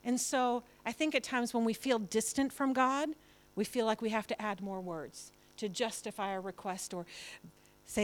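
A woman's voice: a little high, fairly even intonation, moderate pace. A woman pastor preaching a sermon in church, conversational and emphatic, often acting out quotes.

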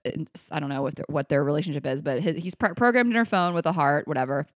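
A woman's voice: fast, no echo, studio quality. A woman co-hosting a podcast, reading listener messages aloud in casual chat and often breaking into laughter. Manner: giggly, breaks into high laughter. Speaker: podcast co-host.

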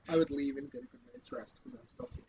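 Male player, fairly high, lively pitch, halting, clear hiss. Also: rough recording. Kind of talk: casual tabletop play.

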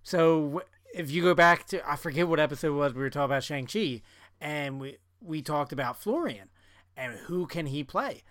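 A man's voice: fairly high pitch, normal speed, fairly bright tone, dry recording, clean studio sound. A man co-hosting a podcast in casual chat, talking in a loose, chatty way full of fillers. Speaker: podcast co-host.

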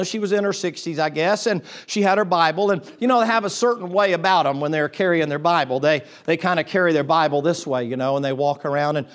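High-voiced preacher. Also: male voice. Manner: swings from low confiding tones to loud excited preaching, with restarts. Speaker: pastor. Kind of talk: sermon.

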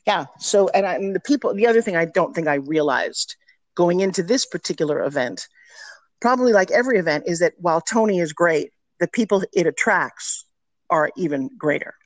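Energetic, emphatic middle-aged woman. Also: on the low side, brisk, dry recording. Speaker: guest. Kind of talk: podcast interview storytelling.

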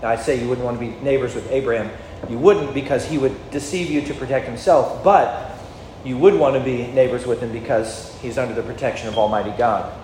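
A man's voice: mid-range voice, a little fast, darkish tone, a little hiss or hum. A man, a pastor, preaching a sermon in a conversational way and asking his listeners questions. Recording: echoey hall with faint ambience.

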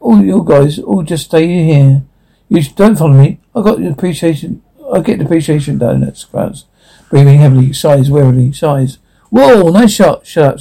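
A man's voice: fairly high pitch, creaky, warm tone, breathy edge, poor audio. A man reading out a cartoon story, voicing every part and reading the sound cues aloud, often stumbling and restarting.

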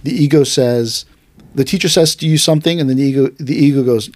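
Animated storytelling man, dry close sound. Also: mid-range voice, fast talker, no echo. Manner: animated, acts out quotes of his teacher and students. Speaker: aikido dojo teacher, podcast host. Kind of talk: casual storytelling chat.

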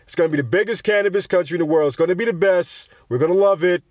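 A man's voice: rapid-fire, no room sound, studio quality, natural voice. A man putting on a boastful politician's bragging voice. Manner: higher, bragging, repetitive superlatives. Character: impression of a boastful male politician.

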